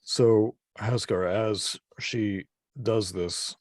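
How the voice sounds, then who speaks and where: A male game master narrates a tabletop scene at a very slow, deliberate pace, chuckling now and then. His voice sits low and the sound is dry and close. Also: steady tone, a little mellow, no room sound. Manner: unhurried descriptive narration, chuckling.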